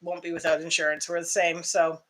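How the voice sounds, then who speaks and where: A woman's voice: on the low side, flat delivery, fairly quick. A woman co-hosting a late-night homestead livestream from home, talking in a friendly, practical way. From Canada. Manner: friendly, practical, wraps up with thanks. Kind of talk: casual late-night live chat.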